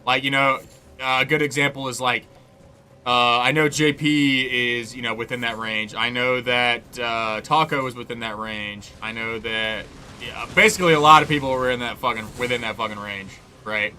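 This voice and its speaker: A man's voice: medium pitch, fairly even intonation, normal speed, pushed and bright. A young man streaming a game, chatting casually in a loose, profane, rambling way and laughing often. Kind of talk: casual chat while gaming.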